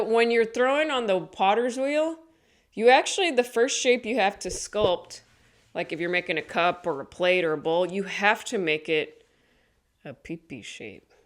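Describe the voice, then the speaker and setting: A woman comedian talking casually to the camera, chatty and rambling, often correcting herself and laughing along the way. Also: mid-range voice. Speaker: stand-up comedian. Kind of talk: casual vlog monologue.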